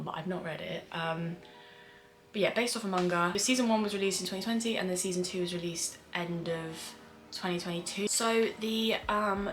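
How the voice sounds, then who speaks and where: A young British screenwriter rambles casually in a reaction vlog about a show, filling her talk with fillers and swearing. She's at home in a room with the windows open on a hot day, speaking at a moderate pace in a lowish, fairly bright voice, with a little hiss or hum in the recording.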